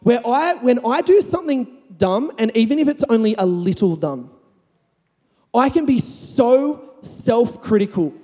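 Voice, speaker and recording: A man preaching a sermon, telling a funny personal story with lively sound effects. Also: very high-pitched, measured pace, in a large hall.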